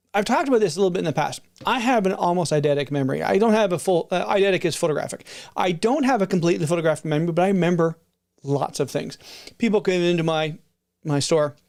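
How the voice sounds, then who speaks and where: A middle-aged video creator who reviews film releases talks in a mid-range, slightly mellow voice. The chat is casual and unscripted, wandering with lots of restarts and side remarks.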